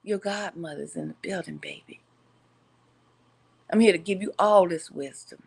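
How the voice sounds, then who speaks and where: A woman's voice: on the low side, moderate pace, creaky, husky. A woman hosting a casual vlog, talking straight to viewers, laughing often and slipping into a preacher-like cadence. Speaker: channel host.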